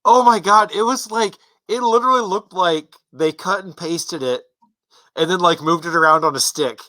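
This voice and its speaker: Male podcast co-host, sarcastic and profane, bright voice. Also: high voice, normal speed, no echo, poor audio. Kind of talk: casual chat.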